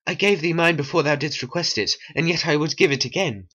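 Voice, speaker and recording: Man doing young woman in love, earnest, bright tone, hobby stop-motion cartoon. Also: a little high, brisk, slightly rough, dull audio. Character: young lovestruck woman, Juliet.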